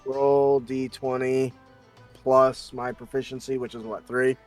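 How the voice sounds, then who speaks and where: A man playing a tabletop game, speaking in character and pausing with lots of "uh"s. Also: medium pitch, level tone, soft background music. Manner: hesitant, many "uh"s. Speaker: player.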